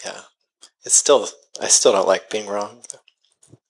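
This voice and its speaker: A man's voice: fairly low pitch, slow, vocal fry, husky, poor audio. A man in his forties preaching a sermon, earnest and self-deprecating, with sighs and casual asides. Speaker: pastor.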